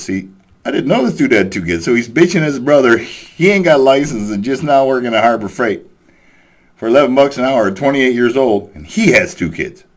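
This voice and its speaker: A man telling a story in a profane, exasperated rant, chuckling as he goes. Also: medium pitch. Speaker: vlogger ranting about a coworker.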